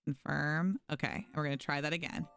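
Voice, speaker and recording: A woman's voice: sits low, fairly even intonation, fast talker, creaky, fairly bright tone, clean tone, faint music behind. A woman streaming a game live, chatting casually with viewers and thanking them by name. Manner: frequent restarts and fillers. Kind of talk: casual live gameplay commentary.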